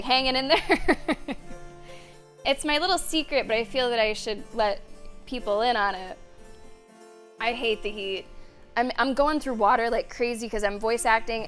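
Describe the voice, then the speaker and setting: A woman game streamer chatting loosely between bits of the game, animated, quick to laugh and to swear. Her voice sits a little high. Faint music runs underneath. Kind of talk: casual gameplay commentary. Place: warm room with a fan running.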